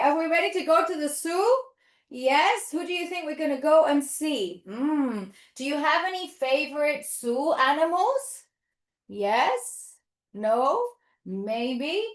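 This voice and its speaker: A woman leading a toddler yoga class in a sing-song, encouraging way, with playful animal sounds. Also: high voice. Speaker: children's yoga teacher. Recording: echoey room.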